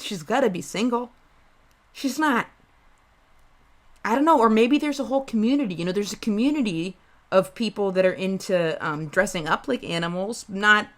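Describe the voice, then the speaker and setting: A woman in her thirties hosting a solo comedy podcast, riffing crudely and rambling from one tangent to the next. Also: medium pitch.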